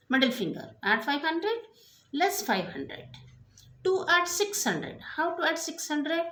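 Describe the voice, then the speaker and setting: A woman teaching abacus counts out numbers slowly and deliberately, her pitch high and swinging widely. Her step-by-step prompts carry the patient rhythm of a math lesson. The recording sits in a noticeably echoey room. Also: a bit bright. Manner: slow, deliberate counting aloud with repeated prompts.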